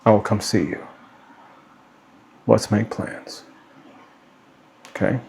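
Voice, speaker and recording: Gravelly-voiced father pleading to camera. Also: fairly low pitch, little pitch movement, slow, darkish tone, slight background noise. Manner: earnest, pleading, ends lines with "okay?". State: getting hot and worked up. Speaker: father addressing his children. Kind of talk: direct-to-camera personal vlog.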